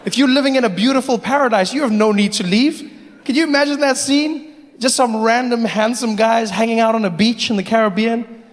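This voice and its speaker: A male stand-up comedian performing an animated, mocking routine live on stage. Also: very high voice, a little fast. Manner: animated, mocking, rising to shouts. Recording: reverberant theater with faint noise.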